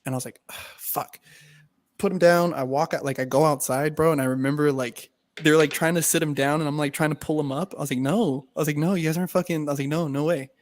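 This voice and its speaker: A young man co-hosting a podcast, telling a story in animated, slangy talk with lots of swearing and laughter. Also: a little high, fast, few pauses, no room sound. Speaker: podcast co-host. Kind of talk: casual chat, storytelling.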